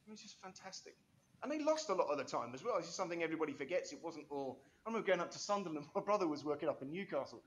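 A man's voice: fairly high pitch, very animated, rapid-fire, slight background noise. A man, an interview guest telling rambling, enthusiastic stories full of restarts and asides. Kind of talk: animated storytelling interview.

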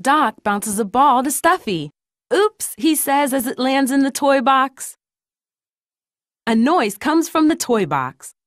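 A woman reading a children's storybook aloud in a gentle, lilting read-aloud manner. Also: high-pitched, animated, takes it slowly, no room sound, studio quality. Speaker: storybook narrator.

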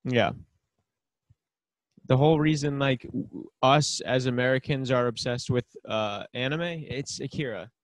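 A man's voice: mid-range voice, measured pace, dry recording. Man joking sarcastically in casual chat. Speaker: podcast co-host.

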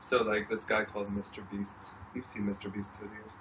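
A man's voice: lowish voice, monotone, fairly quick. A young man casually explaining an internet story to his partner during a livestream, matter-of-fact. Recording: distant voice with background noise.

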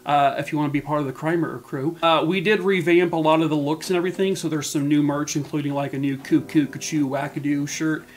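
A man hosting his own channel, chatting casually and quickly through a video outro with a self-mocking tone. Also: a little high, fairly even intonation. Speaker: true crime channel host.

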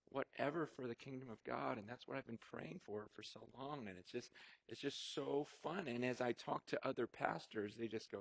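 Animated, conversational male pastor. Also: fairly high pitch. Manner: animated, conversational storytelling with frequent asides. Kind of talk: sermon with personal stories. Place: church auditorium before a congregation.

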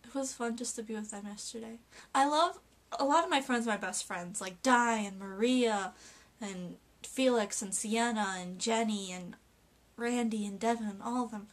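A woman's voice: on the high side, moderate pace. A young woman vlogging casually about her best friends, getting emotional, hesitant and giggly as she talks.

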